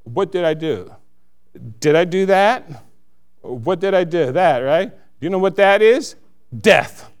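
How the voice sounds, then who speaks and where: A man's voice: high-pitched, animated, slow pace, long pauses, clean tone. A man giving a church testimony, earnest and self-mocking, laughing at his own stories.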